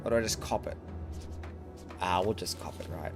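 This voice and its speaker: A man's voice: low-pitched, moderate pace, creaky, music in the background. A man streaming a strategy game, chatting casually and wryly with chat, laughing often. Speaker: gaming streamer. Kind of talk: casual let's-play commentary.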